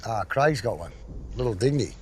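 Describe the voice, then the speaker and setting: An Australian man working as an opal miner, chatting casually in a rough-and-ready way while working outdoors. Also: fairly low pitch, animated, normal speed, a little mellow, a little hiss or hum. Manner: rough-and-ready, tags "mate" and "eh". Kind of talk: casual outdoor work chat. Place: outdoors at an outback mine site. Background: background music.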